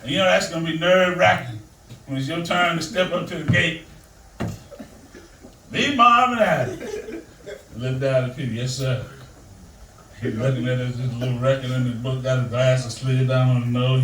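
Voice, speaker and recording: A man's voice: medium pitch, background noise. An older man doing a stand-up comedy set on stage, telling loose, rambling stories to a live audience. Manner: loose, storytelling, Southern-flavored delivery. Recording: echoey room, mic heard from a distance.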